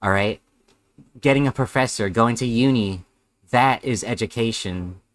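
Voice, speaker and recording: A man's voice: medium pitch, moderate pace, no echo. A man streaming a live reaction, sarcastic and rambling, with heavy swearing.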